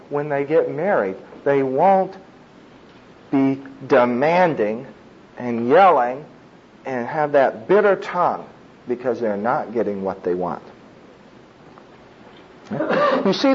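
A man's voice: medium pitch, a little mellow, husky, lo-fi sound. A middle-aged man giving a conversational sermon, with frequent asides and chuckles. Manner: conversational preaching with asides and laughs. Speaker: preacher. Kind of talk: sermon on child discipline.

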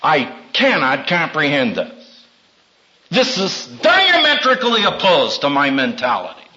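Male preacher, high and bright, slow and dramatic, on a dull lo-fi recording. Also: huge pitch swings. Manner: dramatic, acts out quotes with big pitch swings. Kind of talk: sermon.

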